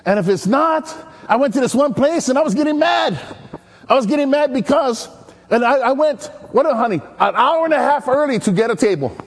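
A male pastor from Maui preaching an animated sermon, telling stories and calling out to the congregation. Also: very high voice, brisk. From Maui, Hawaii. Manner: energetic, chatty, storytelling with call-and-response.

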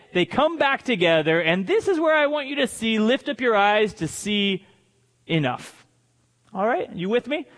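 A pastor with a high voice preaches to his congregation, retelling a story with lively energy and playful asides. His voice rings out through a large hall with a long reverb. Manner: animated storytelling with joking asides. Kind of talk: sermon.

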